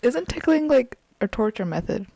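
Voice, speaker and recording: A woman's voice: on the high side, big pitch swings, moderate pace, vocal fry, dark tone, dry recording. A woman co-hosting a podcast in casual chat, curious and thinking aloud with lots of questions. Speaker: podcast co-host. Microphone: remote call.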